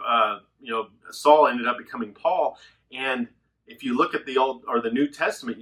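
A man teaching a children's Bible lesson, telling stories in a lively way and acting out the characters' lines. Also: mid-range voice. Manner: animated storytelling with voices. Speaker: children's pastor.

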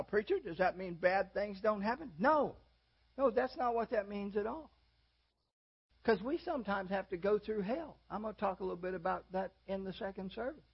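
An older male preacher with a high, husky voice delivers a folksy, self-deprecating sermon. He builds to sudden emphatic peaks, and the recording sounds dull and lo-fi. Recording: dull lo-fi audio.

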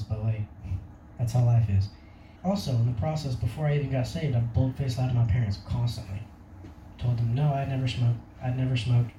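A man's voice: medium pitch, echoey room, distant mic, background noise. A young man giving his personal testimony in a casual, rambling way, laughing often. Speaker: testimony speaker.

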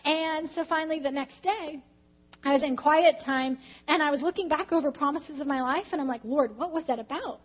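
A woman's voice: sits high, fairly even intonation, moderate pace, lo-fi sound. A woman preaching a testimony-style sermon, telling her story with animation and acting out her own past reactions.

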